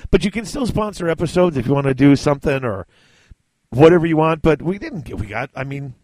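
A man co-hosting a podcast in casual chat, animated, laughing often and acting out movie lines. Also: fairly high pitch, a little fast, no echo. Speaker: podcast co-host.

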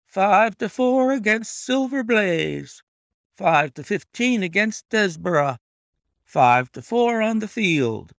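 A man's voice: high-pitched, big pitch swings, takes it slowly, gravelly, fairly bright tone, clean tone, no echo, clean studio sound, voice pushed up, exaggerated voice. A man voicing a crowd of racecourse bookmakers bellowing out the odds. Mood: roaring.

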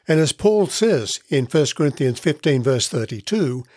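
A man giving a scripted devotional Bible teaching, reading in a measured, earnest way and leaning on key words. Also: on the high side, animated, mellow, dry recording, clean studio sound.

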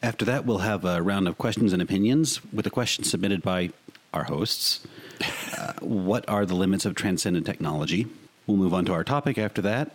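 Deep-voiced man hosting a podcast. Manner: jokey, chatty, pitching for donations. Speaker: podcast host. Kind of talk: casual podcast chat.

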